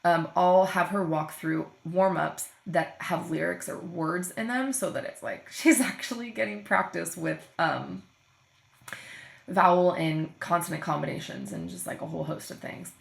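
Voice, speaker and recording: A woman's voice: fairly low pitch, normal speed, creaky. A young woman hosting her own podcast and chatting casually about her voice students, with lots of "like" and "um". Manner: chatty, fills speech with "like" and "um". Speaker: podcast host and voice teacher. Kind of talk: casual solo podcast chat. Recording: echoey room.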